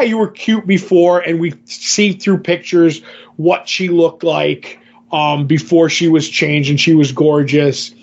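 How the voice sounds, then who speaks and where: Guy rambling thru a comic plot, lots of likes and ums, kinda high voice, muffled lo-fi audio. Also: gravelly. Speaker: comic book discussion co-host. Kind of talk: casual chat. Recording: dull lo-fi sound.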